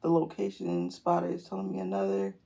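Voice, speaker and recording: A young woman vlogger chats through a get-ready-with-me, retelling a long story with lively slang and quoted voices. Her voice has a gravelly fry to it. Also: mid-range voice, a little fast. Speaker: beauty vlogger. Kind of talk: casual storytelling while doing makeup.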